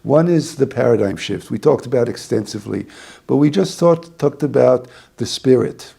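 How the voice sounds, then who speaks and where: A man's voice: medium pitch, lively intonation, normal speed, gravelly, dark tone, husky. A man, a rabbi, giving an informal talk to a small group, rambling through a story with many restarts.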